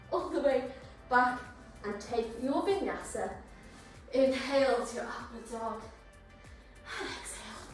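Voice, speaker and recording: Woman yoga teacher, high voice, a bit breathless, encouraging cues; heard far off in a very echoey room over music. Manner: encouraging, cueing breath and poses. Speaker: yoga instructor. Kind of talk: guided yoga flow instruction.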